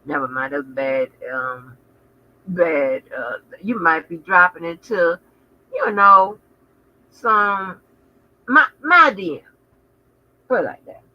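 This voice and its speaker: A woman hosting a casual livestream, chatting with viewers in a sassy, profane way full of animated asides. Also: on the low side, slow pace, pauses often, highs cut off. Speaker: channel host.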